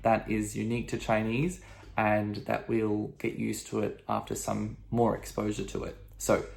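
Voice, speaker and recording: A man's voice: lowish voice, completely flat delivery, moderate pace, gravelly, a little mellow. A man who speaks English natively, patiently explaining a language lesson and often checking in with "okay?". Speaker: language teacher. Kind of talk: video lesson.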